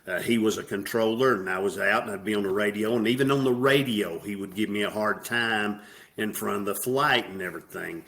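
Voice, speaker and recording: Middle-aged man, Southern US accent, low-pitched, plainspoken drawl; interview guest. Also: fairly quick, fairly bright tone. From American South. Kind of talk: casual interview.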